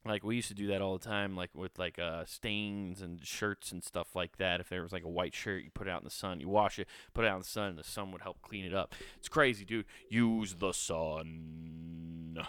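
A man's voice: sits low, fairly even intonation, brisk, hardly any pauses, fairly bright tone, smooth, no room sound. A man hosting a solo podcast, chatting casually with lots of swearing and filler words. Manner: rambling, profane, lots of fillers. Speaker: podcast host.

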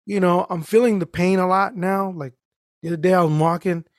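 A man telling a story in casual podcast chat, animated and profane, acting out the people in it. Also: sits high, brisk, no echo, studio quality. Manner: animated, profane, acts out the people in his stories.

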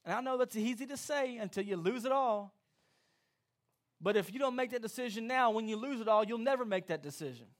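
High-voiced, animated preaching man. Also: fairly quick. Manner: animated, acts out quoted voices. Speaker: pastor. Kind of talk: sermon.

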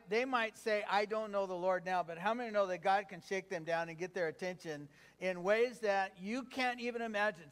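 A man's voice: high voice, fairly bright tone, smooth. A man preaching a sermon as pastor, conversational and engaging, often asking the congregation questions. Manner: conversational with fillers.

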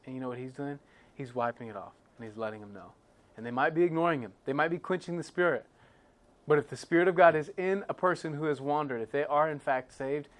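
Here a pastor with a mid-range voice gives a conversational sermon. He checks in with his audience often, and his tone swings between subdued, serious moments and louder, forceful ones.

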